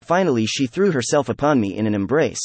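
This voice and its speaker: A man narrating a novel chapter as an audiobook, in a steady, even-paced read. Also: medium pitch, fast talker, no room sound. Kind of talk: scripted narration.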